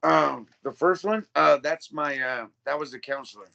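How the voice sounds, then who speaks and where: A man's voice: a little high, moderate pace, creaky, pushed and bright, dull audio. A man in his thirties telling his story as a podcast guest, blunt and full of swearing. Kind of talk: casual interview.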